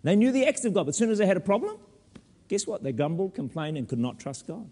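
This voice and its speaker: Animated preaching man in a church. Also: sits high, fast talker, in a large hall. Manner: animated preaching with humorous asides. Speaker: pastor. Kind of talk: sermon.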